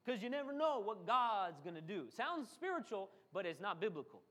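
High-voiced preacher repeating lines for emphasis. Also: male voice, sing-song, normal speed, pushed and bright. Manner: dramatic, repeats phrases for emphasis, acts out voices of the people he quotes. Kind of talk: sermon.

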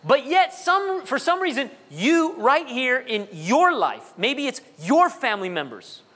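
A man preaches a sermon in a long-echoing hall, his voice high and bright. He jokes freely and repeats his words as he goes. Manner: jokey, repeats words, reads funny kids' prayers. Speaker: pastor.

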